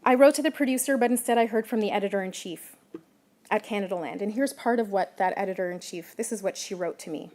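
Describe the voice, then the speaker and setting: A woman journalist giving a prepared public talk, measured and emphatic, stressing key words. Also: medium pitch, darkish tone. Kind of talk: prepared lecture.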